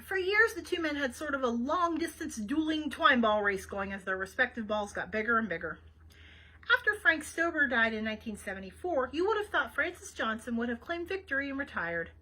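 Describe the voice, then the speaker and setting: A woman reading a children's novel aloud for a library program, expressive and chatty, with small asides to her listeners. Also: high voice, fairly quick, rough recording. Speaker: library read-aloud host.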